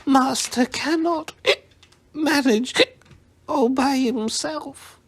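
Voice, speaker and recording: A man voicing a drunk, tearful female house-elf who squeaks, slurs and coughs as she talks. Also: extremely slow, a bit bright, heavily acted. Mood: whimpering. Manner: whimpering, indignant.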